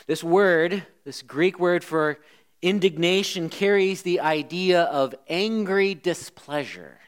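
Guy preaching a sermon, kinda high voice, goes loud then drops real quiet. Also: takes it slowly, clean tone. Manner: dynamic preaching, swinging between loud emphasis and hushed asides. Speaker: pastor.

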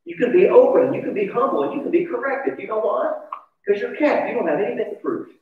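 A man's voice: very high voice, animated, quick pace. A pastor giving a sermon in a conversational, confessional way, often asking his listeners questions. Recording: distant, echoey, dull church recording.

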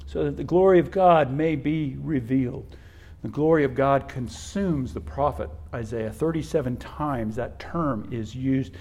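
A male pastor preaching a sermon, swinging from hushed, drawn-out words to loud emphatic lines, often repeating and restarting phrases. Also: mid-range voice.

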